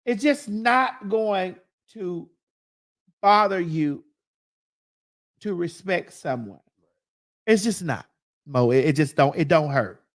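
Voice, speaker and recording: A woman's voice: lowish voice, expressive, slow, long pauses. A woman hosting a reaction commentary, making her points emphatically and repeating them for weight. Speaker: host.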